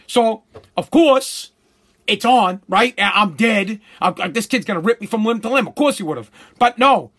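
A man's voice: high-pitched, lively intonation, normal speed, a bit bright. A middle-aged man, hosting a show and telling a profane story bluntly, with many restarts. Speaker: show host.

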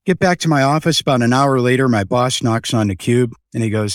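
An older man, a business founder being interviewed, telling stories in a lively way and acting out the people in them. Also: medium pitch, a little fast, dry recording, studio quality. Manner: animated storyteller, acts out voices in anecdotes. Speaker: podcast guest, business founder. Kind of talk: casual storytelling interview.

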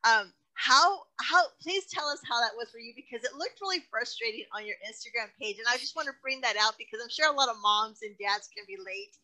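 Very bright, chatty middle-aged woman host. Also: on the high side, lively intonation, a little fast, hardly any pauses, rough recording. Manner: warm, chatty, laughs easily. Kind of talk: casual interview chat.

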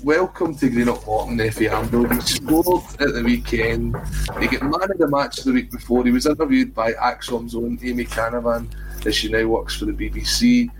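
A man's voice: mid-range voice, moderate pace, noisy background. Chatty Scottish man hosting a podcast. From Scotland. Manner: chatty, joking, says "um" often. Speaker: podcast host. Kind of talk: casual chat.

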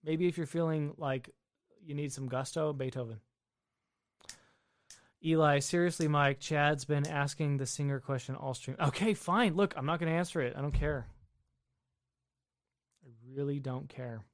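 A man's voice: fairly high pitch, normal speed, pauses often, dry recording. Dry-sounding man hosting a casual livestream. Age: adult with wife and children. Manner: reads viewer questions aloud, then answers offhandedly. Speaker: livestream host answering chat. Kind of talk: casual live-stream chat. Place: home basement.

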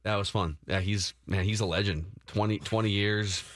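Studio host: lower male voice, chatty and upbeat, dry booth sound. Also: fairly even intonation, normal speed, no room sound. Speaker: sports radio host. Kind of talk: sports radio talk.

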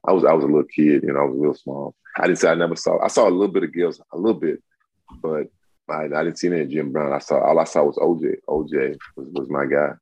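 A man in his sixties, a guest on an interview show, telling stories in a lively way and acting out what others said. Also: fast talker, slightly rough, dry recording, lo-fi sound. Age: 60s. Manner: animated storyteller, acts out quotes in a high voice. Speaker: guest, retired football player. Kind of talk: casual interview.

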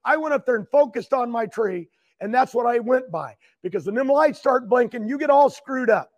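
Older guy, super high voice, rambling and stuttering through a big emotional story. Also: moderate pace. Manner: excitable, rambling, stutters and repeats words. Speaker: guest, retired champion racer.

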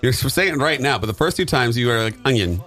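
A man's voice: medium pitch, animated, fast, pushed and bright, faint music behind. A man co-hosting a casual podcast chat, teasing his co-host and laughing often.

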